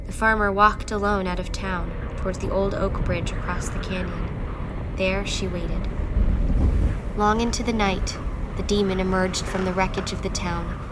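A woman telling a dark fable as a storyteller, in measured, steady scripted narration. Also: medium pitch, noisy background. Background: music.

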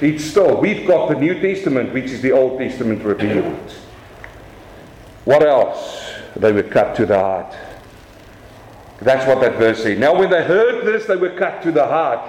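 A man with a South African accent preaching a lively sermon from the pulpit. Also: medium pitch, measured pace, roomy sound, a little hiss or hum, rough recording. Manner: animated preaching, swings from quiet to raised. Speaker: pastor.

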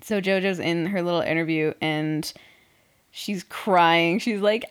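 A young woman talks through a reality show episode in loose, sarcastic podcast chat. She takes her time, drawing out her words at a slow pace, and breaks into laughs and swearing along the way. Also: mid-range voice, animated. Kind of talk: casual chat.

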